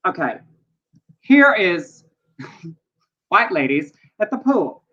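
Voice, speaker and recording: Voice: medium pitch, very animated, very slow, dull audio. A co-host of a casual news chat show, making wry, chatty asides.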